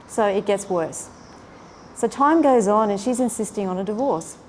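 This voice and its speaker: A woman earnestly retelling a faith story and reflecting on its meaning, with an animated, heartfelt delivery. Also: medium pitch, normal speed, a little hiss or hum. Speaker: faith speaker.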